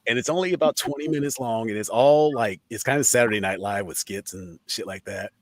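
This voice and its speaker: A man's voice: medium pitch, a little fast, dry recording. A man hosting a casual talk show, talking animatedly, swearing freely and laughing often. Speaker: podcast host. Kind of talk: casual profane commentary.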